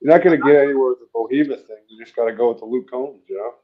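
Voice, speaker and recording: A man's voice: mid-range voice, racing, muffled recording. A man co-hosting a podcast, joking and teasing his friend in casual chat. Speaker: podcast co-host.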